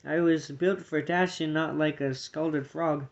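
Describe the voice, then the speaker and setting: A man's voice: on the high side, fairly even intonation, unhurried, dull audio. A man voicing a small, boastful male squirrel with a broad, cheeky brogue, reading a storybook aloud.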